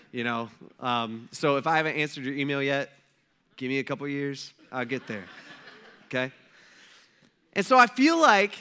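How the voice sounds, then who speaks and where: A male pastor preaching a casual, conversational sermon, telling stories and acting out quotes. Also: medium pitch. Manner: casual, animated storytelling with acted-out quotes.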